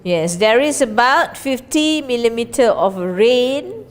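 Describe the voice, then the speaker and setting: A woman teaching an English class, lively and questioning, explaining words and their pronunciation. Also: a little high, takes it slowly.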